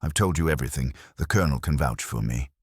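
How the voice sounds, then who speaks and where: A man's voice: a bass voice, lively intonation, quick pace, husky, dry recording, studio quality, full character voice. A man reading a nervous, breathless businessman who stammers his denials.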